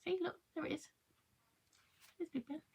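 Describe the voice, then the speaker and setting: A woman's voice: high-pitched, steady tone, moderate pace, vocal fry, a little mellow. A woman in her thirties chatting to viewers while she demonstrates a craft project live. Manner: chatty, friendly, talks to viewers and reads their comments.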